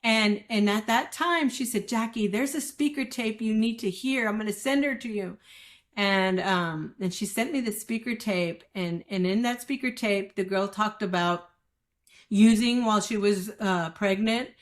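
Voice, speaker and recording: A woman's voice: medium pitch, normal speed. A woman guest giving a candid, emotional account of her recovery, acting out the voices of people she quotes. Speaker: guest sharing recovery story. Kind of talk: candid personal testimony.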